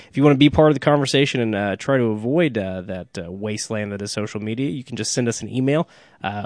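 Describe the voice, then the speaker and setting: A man's voice: medium pitch, dry recording, studio quality. A man co-hosting a movie podcast, talking casually with frequent restarts and filler uhs. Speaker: podcast co-host. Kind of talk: casual movie discussion and show plugs.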